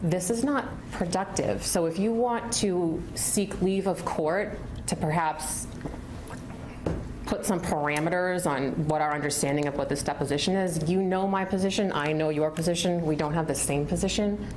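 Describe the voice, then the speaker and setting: A woman objecting as an attorney in a deposition, firm, measured and procedural. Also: fairly low pitch. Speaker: attorney for the city. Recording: archive recording with clear background noise.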